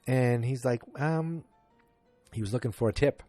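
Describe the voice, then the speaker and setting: A man's voice: mid-range voice, moderate pace, long pauses, warm tone, dry recording, faint music behind. A man casually recapping a TV episode in a loose, chatty way. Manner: loose, chatty, breaks into voices of characters.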